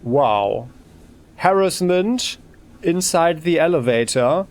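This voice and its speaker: A man commenting casually over a game as he plays it. He talks slowly, musing aloud and restarting his sentences as he weighs his choices. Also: fairly high pitch, expressive. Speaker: let's play host.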